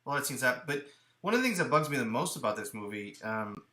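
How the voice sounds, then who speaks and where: A man co-hosting a casual movie podcast, talking with animated energy and often restarting his sentences. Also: medium pitch, fast, reverberant. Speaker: podcast co-host. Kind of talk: casual chat about movies. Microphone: headphones and studio mic.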